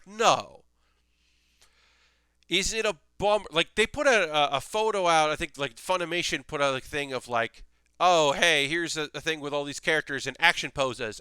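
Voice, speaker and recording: A man's voice: a little high, bright, forceful tone, clean tone, no room sound. A young man hosting his own anime show, giving rambling casual commentary with lots of fillers and restarts. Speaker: anime video host.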